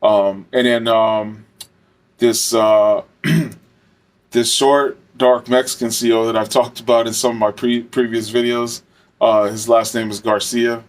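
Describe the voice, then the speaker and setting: A man's voice: medium pitch, little pitch movement, takes it slowly. A man and former correctional officer telling a casual story, rambling and swearing with lots of fillers. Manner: rambling, profane, many fillers.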